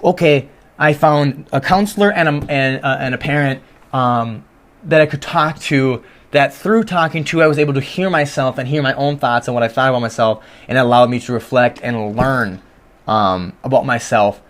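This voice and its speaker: A man's voice: mid-range voice, moderate pace. A young man hosting his own podcast from his bedroom, talking through his thoughts in an earnest, rambling way with many restarts. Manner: earnest, rambling, self-reflective with frequent restarts. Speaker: podcast host. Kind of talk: casual solo podcast monologue. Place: home bedroom.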